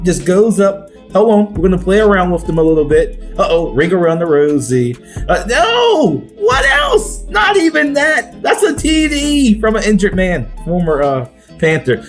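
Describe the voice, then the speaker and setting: A man talking as a guest on a sports podcast, in playful, exclamatory banter. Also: very high-pitched. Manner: animated and exclamatory, playful swoops.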